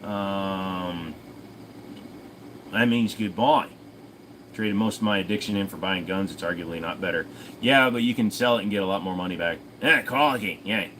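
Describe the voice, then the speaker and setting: A man's voice: deep voice, moderate pace, long pauses, fairly bright tone, a little hiss or hum, poor audio. A man hosting a casual livestream Q&A, reading out viewer comments and answering them in an offhand, profane way. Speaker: host.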